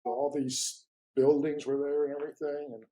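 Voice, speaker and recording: A man telling a story in an interview, in a halting way with many repeats and fillers, and lively when he retells conversations. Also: a little high, poor audio. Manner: animated when retelling dialogue. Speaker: interview guest.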